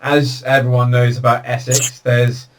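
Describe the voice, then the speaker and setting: A man's voice: mid-range voice, completely flat delivery, a little slow, noisy background. A man hosting a casual video call chat, telling jokey stories. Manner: chatty storyteller, jokey. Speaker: host. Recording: distant video call audio.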